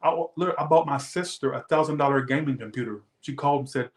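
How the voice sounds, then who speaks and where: A man's voice: a little high, rapid-fire, roomy sound. A man reading tarot who rants defensively and emphatically to his viewers in casual talk. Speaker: tarot reader.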